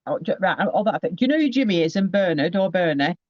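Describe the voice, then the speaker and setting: A man's voice: sits high, lively intonation, quick pace, no room sound, dull audio. A man giving a casual psychic reading over a video call, rambling and often breaking off with asides.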